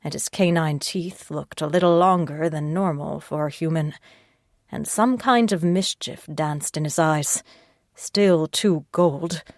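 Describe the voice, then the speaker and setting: Low-voiced woman audiobook narrator. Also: no echo, clean studio sound. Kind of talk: first-person audiobook narration.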